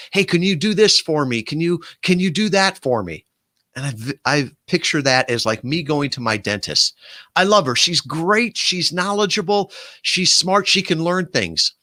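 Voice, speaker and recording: A man's voice: mid-range voice, sharp tone, no room sound. A man hosting an interview podcast, chatty and rambling, with many fillers and restarts. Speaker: podcast host.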